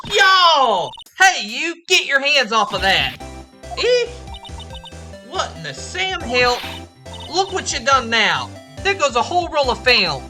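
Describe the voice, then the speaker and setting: A woman's voice: mid-range voice, expressive, brisk, faint music behind. A woman voicing a brash young Southern woman photographer with a folksy drawl. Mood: angry. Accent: American Southern drawl, put on. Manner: loud, brassy, folksy drawl.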